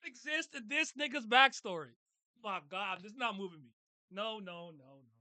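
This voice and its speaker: A man's voice: sits high, lively intonation, moderate pace, bright, forceful tone, no echo. A man streaming, casually reacting to a comic he reads aloud, blunt and dismissive and joking with his chat.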